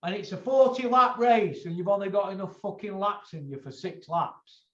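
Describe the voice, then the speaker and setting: Blunt, swearing man with a high voice. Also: lively intonation, normal speed. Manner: blunt, swears a lot, lecturing. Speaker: boxing show host. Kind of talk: blunt casual chat. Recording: echoey, dull lo-fi room sound.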